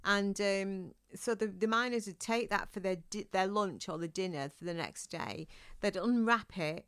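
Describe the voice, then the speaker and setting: Smooth-voiced woman telling stories. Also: medium pitch, normal speed, fairly bright tone. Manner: chatty, rambling storyteller with many restarts. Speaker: podcast co-host. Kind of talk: casual family chat.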